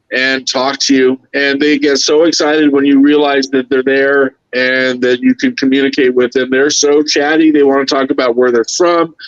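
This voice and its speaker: A man's voice: medium pitch, no echo, lo-fi sound. A man telling an emotional story as a podcast guest, earnest and moved, quoting others in his own voice.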